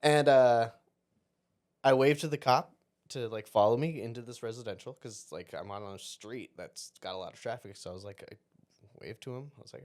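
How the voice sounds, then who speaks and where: Podcast guest, man, casual rambling storyteller, mid-pitched. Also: normal speed, pauses often. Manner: rambling, self-interrupting anecdote with quoted dialogue.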